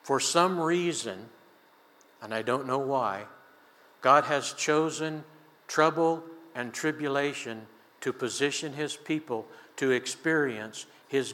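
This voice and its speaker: An older man delivers a sermon, mixing scripture with a folksy personal story told with easy chuckles. His voice is bright and forceful. The sound rings with the long reverb of a large church sanctuary. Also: mid-range voice. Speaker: preacher.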